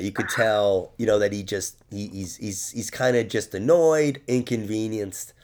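A man's voice: fairly low pitch, animated, moderate pace, a little mellow. A man hosting a podcast, teasing and swearing in crude comedic banter and laughing often. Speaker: podcast host.

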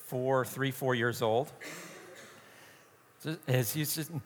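A man's voice: medium pitch, pushed and bright, big-room sound. A man leading an informal youth group talk, a joking storyteller who acts out quoted voices.

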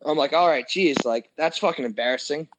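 Young male co-host, profane and joking storyteller, slightly higher voice. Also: a little fast, fairly bright tone, a little hiss or hum, poor audio. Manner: profane, joking, acts out quoted friends. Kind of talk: casual chat, storytelling.

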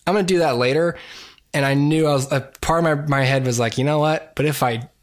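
A man's voice: on the high side, fast talker. A man in his thirties co-hosting a movie podcast, chatting casually and self-deprecatingly, with lots of restarts. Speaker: podcast co-host. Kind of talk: casual chat.

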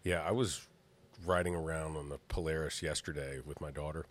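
A man co-hosting a podcast, chatting casually and telling relaxed stories, quick to laugh. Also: very deep voice. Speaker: podcast co-host. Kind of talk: casual chat.

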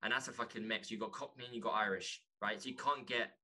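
Man for a guest spot, earnest and halting, fairly low and very bright tone. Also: fairly even intonation. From London, England. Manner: earnest, halting, restarts often. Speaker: podcast guest, author. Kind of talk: candid conversation.

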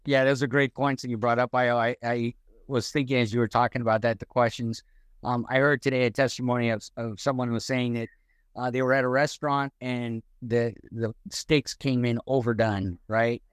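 Animated male co-host telling a story. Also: medium pitch, normal speed, clean tone, dry recording, studio quality. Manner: warm storyteller, animated retelling. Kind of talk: casual faith discussion from a live stream.

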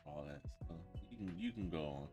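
A man co-hosting a casual podcast chat, blunt and opinionated, laughing loudly and then dropping to a mutter. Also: extremely low pitch, a little fast, over music. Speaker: podcast co-host.

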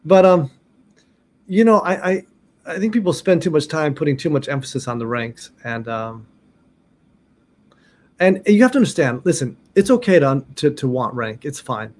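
A man's voice: on the high side, lively intonation, moderate pace, pauses often, darkish tone. A middle-aged man telling a story about his martial arts training in a loose, rambling way, full of restarts and "you know". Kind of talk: casual storytelling.

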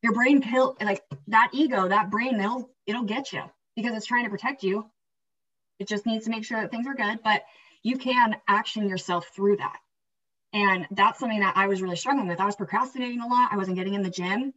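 A woman co-hosting a podcast, talking in an energetic, rambling, motivational way, often tossing in "right?" and "like". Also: medium pitch, a little fast. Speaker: podcast co-host. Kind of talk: casual motivational chat. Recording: slightly distant, dull lo-fi sound.

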